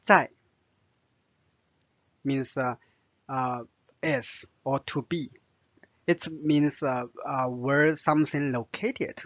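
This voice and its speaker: Slow, patient Chinese-accented male teacher. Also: medium pitch, steady tone, fairly bright tone, dry recording. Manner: patient, repeats words, many "uh" fillers. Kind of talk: slow vocabulary lesson with repetition. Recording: dull, dry lo-fi sound.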